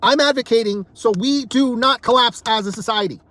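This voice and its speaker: Man, high-pitched, heated monologue vlogger; fed-up, profane, restarts words when worked up. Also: brisk, sharp tone, no echo. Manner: angry, exasperated, swears often. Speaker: political commentator. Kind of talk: heated political rant to camera.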